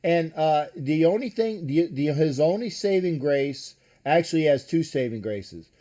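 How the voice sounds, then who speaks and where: A man's voice: a little high, lively intonation, measured pace, warm tone. An older man hosting a casual live-streamed sports talk show, rambling and profane, with a lot of false starts. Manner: rambling, profane, many restarts.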